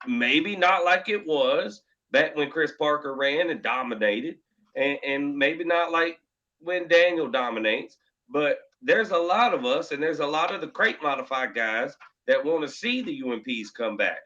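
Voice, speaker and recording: Man racer, bright forceful voice, emphatic and heated, dull lo-fi stream audio. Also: a little high, animated, measured pace. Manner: emphatic, passionate, repeats himself. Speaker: UMP modified racer. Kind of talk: heated panel debate.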